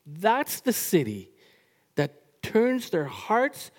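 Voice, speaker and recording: Animated conversational pastor preaching. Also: medium pitch, extremely slow. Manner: conversational, animated, frequent "like" fillers and restarts. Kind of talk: sermon.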